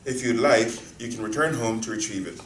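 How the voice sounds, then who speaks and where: An actor reading a courteous, formal and steady security guard in a screenplay reading. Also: male voice, medium pitch, a little fast, natural voice. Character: polite, firm male security guard. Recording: roomy distant sound with faint noise.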